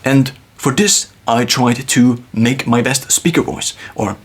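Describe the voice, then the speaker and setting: A man thinking aloud in a reflective solo monologue, musing with pauses and restarts, recorded on a phone. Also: medium pitch, breathy edge. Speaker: video creator.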